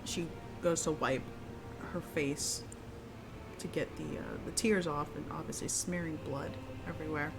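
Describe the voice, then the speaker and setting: A woman's voice: low-pitched, fairly even intonation, a little slow, creaky. A woman narrating as game master of a tabletop game, casual and hesitant, with many fillers. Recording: music playing behind.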